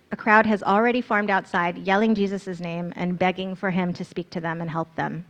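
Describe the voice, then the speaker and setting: A woman's voice: medium pitch, highs cut off. A woman narrating a guided scripture meditation in the second person, in an earnest, storytelling manner.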